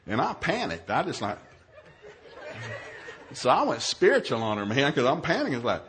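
A man who is a minister, telling a humorous story in a sermon, acting out his own yelled lines in a raised voice. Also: moderate pace, pauses often, a little hiss or hum. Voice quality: animated, shifts to high yelling quotes.

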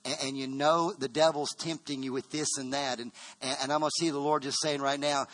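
A man's voice: medium pitch, normal speed, few pauses, a bit bright. A man preaching a sermon to his congregation as pastor, fervent, often restarting and repeating words.

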